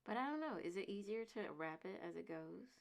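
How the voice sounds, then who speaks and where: A woman in her thirties, chatting casually to camera as a vlogger, talking in an emphatic way and repeating her points forcefully. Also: medium pitch, lively intonation, a little fast, creaky.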